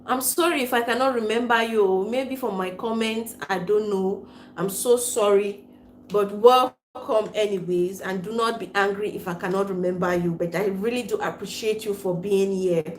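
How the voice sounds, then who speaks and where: A woman's voice: medium pitch, steady tone, normal speed. Laughing Cameroonian woman in an echoey room. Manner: laughs often, mixes pidgin and English. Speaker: livestream host. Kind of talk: casual livestream chat, reading viewer comments. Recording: roomy echo, faint room noise.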